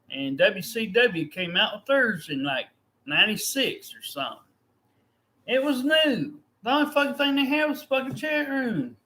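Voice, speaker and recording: High-voiced man ranting with heavy swearing. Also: sharp tone. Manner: angry, profane ranting. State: weary and fed up. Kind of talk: casual rant.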